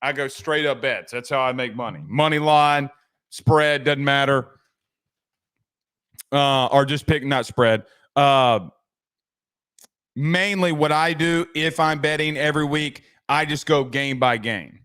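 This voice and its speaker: A man's voice: medium pitch, measured pace, pauses often, a bit bright, clear, resonant tone. A man hosting a sports podcast, chatting loosely and reading viewer comments, with frequent restarts and casual swearing.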